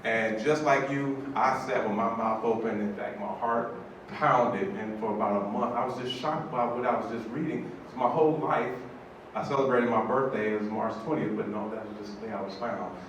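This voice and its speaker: A man in his fifties, a judge, tells a personal story to an audience in an animated, emotional way, acting out the voices. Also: mid-range voice, moderate pace. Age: 50s. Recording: echoey hall from far off, background noise.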